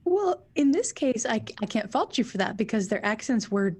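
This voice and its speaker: A woman co-hosting a podcast, chatting casually in quick bursts with giggles and restarts. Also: fairly high pitch, big pitch swings, a little mellow, husky. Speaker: podcast co-host. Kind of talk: casual chat.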